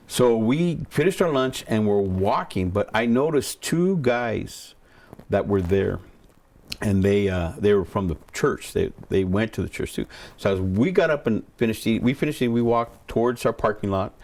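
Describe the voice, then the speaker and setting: A man's voice: fairly low pitch, normal speed, gravelly, a little mellow. A man, a pastor, telling a personal story in a rambling way, repeating words and acting out what people said. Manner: rambling, repeats words, acts out quoted voices.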